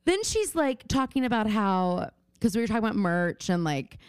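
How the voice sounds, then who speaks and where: A woman's voice: medium pitch, normal speed, clear, resonant tone, no echo, studio quality. A woman co-hosting a podcast, telling a family story in casual chat, full of "like" and "um". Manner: animated storytelling, lots of "like" and "um". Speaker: podcast co-host.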